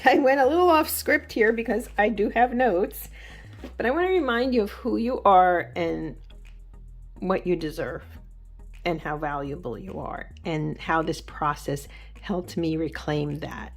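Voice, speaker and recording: A woman's voice: fairly low pitch, lively intonation, unhurried, soft background music. A woman hosting a journaling channel, talking in a chatty, rambling way with lots of asides and fillers while she decorates a journal at her craft desk. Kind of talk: casual craft vlog chat.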